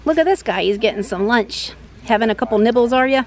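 A woman's voice: a little high, lively intonation, fast talker, a little mellow, low-quality recording. A woman vlogging outdoors at an animal sanctuary, cooing and baby-talking to the animals. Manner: coos and baby-talks at animals. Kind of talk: casual vlog chat.

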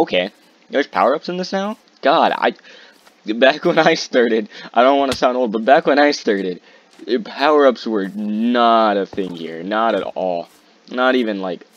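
A man giving live commentary while playing a game, excitable and quick to repeat himself in bursts. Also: lowish voice. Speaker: gaming YouTuber. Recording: muffled lo-fi mic with faint hiss.

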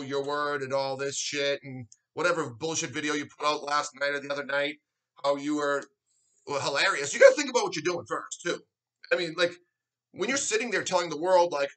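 Man, high-pitched, bright and forceful, confrontational, sarcastic, swearing rant. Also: poor audio. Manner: confrontational, sarcastic, mocks others in put-on voices. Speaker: arm wrestler vlogging a response. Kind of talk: heated profane rant to camera.

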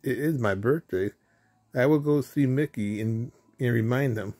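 A male cartoon duck with a hot temper, read aloud by a man in a storybook. The voice stays mellow and plain, with no duck quack put on, just an easy reading tone. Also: mid-range voice, measured pace, natural voice. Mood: glum.

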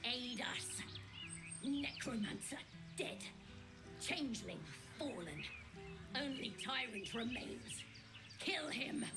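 A woman voicing a vast alien brain in a video game, giving slow, clipped commands. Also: fairly high pitch, expressive. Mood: commanding. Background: game music.

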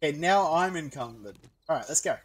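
A young man chatting casually while playing a co-op video game, excitable and quick to yelp and laugh. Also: fairly high pitch. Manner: excitable, yelps and laughs at scares. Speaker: gaming YouTuber. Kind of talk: casual co-op gaming chat.

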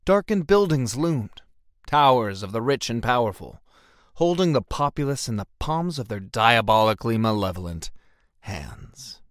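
Male audiobook narrator, lively dramatic read, dry close-miked sound. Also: medium pitch, moderate pace, no room sound. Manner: animated, dramatic storytelling.

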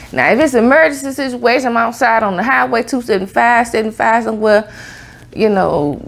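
Gravelly woman telling a lively story. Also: on the high side. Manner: animated, laughs a lot, Southern US slang. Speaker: vlogger. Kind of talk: casual storytelling to camera.

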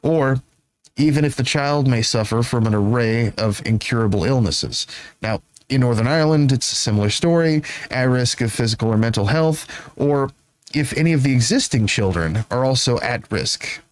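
A man hosting a show, giving sarcastic, halting commentary between news clips, with many fillers and restarts. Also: mid-range voice, expressive, rough recording. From United States. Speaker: show host.

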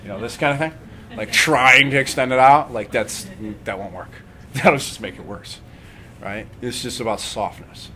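A man leading a live workshop on breathing and meditation, talking calmly and conversationally and often checking in with his listeners. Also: mid-range voice, normal speed, slight background noise. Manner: calm, conversational, checks in with "right?".

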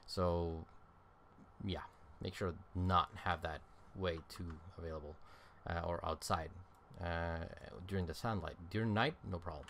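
A game streamer with a low-pitched, slightly bright voice talks at a measured pace with fairly even intonation, against slight background noise. He rambles through casual let's-play commentary, thinking aloud with plenty of ums and uhs. He sounds tired and yawns.

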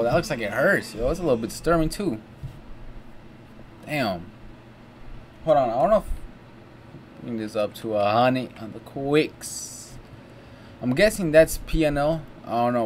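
A young American man hosting a reaction video, commenting casually and with lots of exclamations and slang. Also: mid-range voice. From United States. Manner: slangy, exclamatory, keeps saying "you know what I'm saying" and "bro". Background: faint music from the video he is watching.

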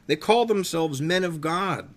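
A man's voice: on the high side, lively intonation, measured pace, a bit bright. A man preaching fervently on a talk show, emphatic and emotional, his voice climbing when he gets worked up.

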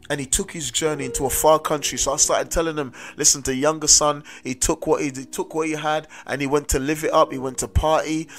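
A man's voice: a little high, flat delivery, brisk, few pauses, fairly bright tone. A man with a South London accent preaching a sermon as a street preacher, earnestly mixing in his own testimony and repeating "amen" and "listen to me". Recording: music playing under the voice. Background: music.

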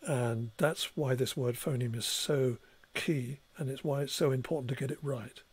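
A male professor giving a recorded tutorial lecture, explaining steadily and clearing his throat now and then. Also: medium pitch, fairly even intonation, moderate pace.

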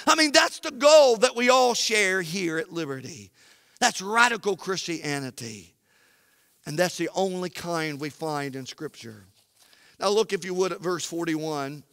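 A man pastor preaching an emphatic sermon, rising to shouts at key points, in a church sanctuary. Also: sits high, lively intonation, a little slow, vocal fry, clear, resonant tone, no echo, clean studio sound, in a large hall.

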